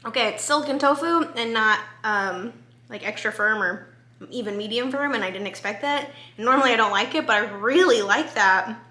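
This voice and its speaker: A woman's voice: on the high side, normal speed, pushed and bright. A woman food vlogger, bubbly and enthusiastic, giving a casual review of a dish at home in her kitchen.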